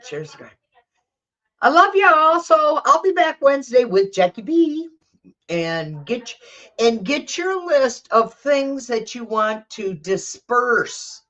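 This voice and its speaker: A woman's voice: fairly high pitch, lively intonation, slow, fairly bright tone, highs cut off. A woman hosting a tarot channel, chatting casually with blunt, profane, rambling talk and coughing now and then. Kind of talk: casual livestream chat.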